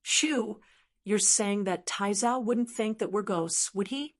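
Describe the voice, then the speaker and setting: A woman's voice: mid-range voice, slow pace, lightly acted. A woman voicing a cautious, earnest young woman who asks her friends questions. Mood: doubtful.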